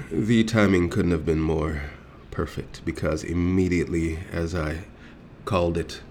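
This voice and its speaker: A man's voice: low voice, background noise. A grown man telling a story as a heated, profane rant, acting out the exchanges in it. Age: adult.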